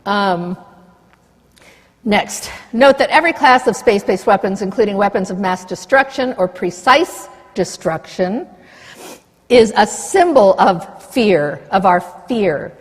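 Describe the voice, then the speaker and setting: A woman's voice: medium pitch, lively intonation, measured pace. A woman giving a public talk, passionate and indignant, reading passages from papers between her own remarks. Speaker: speaker. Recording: reverberant hall.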